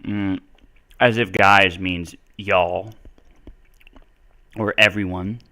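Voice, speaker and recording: Slow, chatty low-voiced American man. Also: expressive, sharp tone. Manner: rambling, self-correcting, chatty. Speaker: English teacher. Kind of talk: casual live-stream Q&A lesson.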